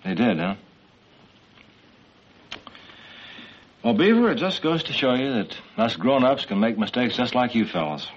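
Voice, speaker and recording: An actor playing a calm, fair-minded middle-aged suburban father in 1950s sitcom style, speaking in a measured, mildly stern way. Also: mid-range voice, a little hiss or hum, natural voice. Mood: gentle. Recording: dull 1950s TV sitcom audio.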